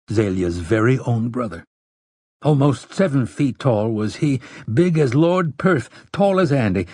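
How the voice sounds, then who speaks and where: A man reading an audiobook narration in a measured, even storytelling manner. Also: fairly low pitch, slightly rough, no room sound, studio quality.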